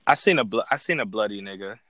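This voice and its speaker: A man's voice: fairly low pitch, fast talker, a crowd in the background. A man of Haitian background chatting casually as a podcast co-host, telling stories animatedly. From Haitian family. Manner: animated storyteller, mimics people in a raised voice. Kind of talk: casual chat. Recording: dry close sound.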